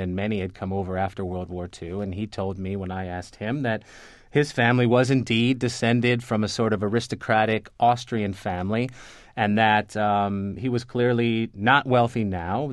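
A man with a lowish voice recounts anecdotes in an interview, circling back through fillers and repeated starts. The sound is dry and close, with no room around it. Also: no room sound. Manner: rambling, many restarts and fillers. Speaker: guest, newspaper reporter. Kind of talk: conversational interview storytelling.

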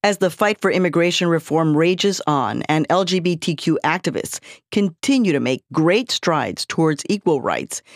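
A woman hosting a radio show, reading scripted links in a lively way with Spanish phrases mixed in. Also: fairly low pitch, dry recording, clean studio sound.

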